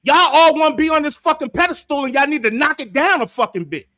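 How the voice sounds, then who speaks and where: A man's voice: extremely high pitch, expressive, fast, sharp tone, no room sound, clean studio sound. A man hosting a livestream panel, arguing emphatically and repeating his points with profanity. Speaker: livestream show host. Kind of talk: heated panel discussion.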